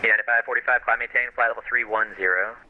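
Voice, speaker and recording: A man working as an air traffic controller, giving fast clipped radio instructions and correcting himself as he goes. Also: mid-range voice, fairly even intonation. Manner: brisk, self-correcting. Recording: tinny radio transmission.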